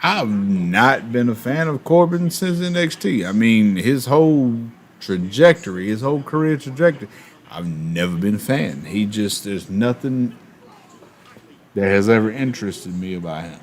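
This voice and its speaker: A man streaming and chatting casually, animated, with quick asides and laughs. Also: fairly low pitch, slight background noise. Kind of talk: casual chat while opening cards.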